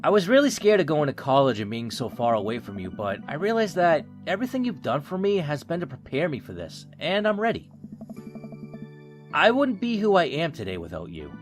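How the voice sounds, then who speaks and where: A man's voice: fairly high pitch, big pitch swings, fairly quick, soft background music. A man doing a cheeky teenage girl. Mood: heartfelt. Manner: sarcastic, teasing. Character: cheeky teenage daughter, teasing and affectionate. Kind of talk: game dialogue read aloud.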